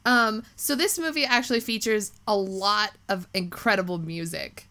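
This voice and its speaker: A woman co-hosting a casual chat, animated and acting out lines from scenes she retells. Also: medium pitch, normal speed. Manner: animated, acts out quotes from scenes.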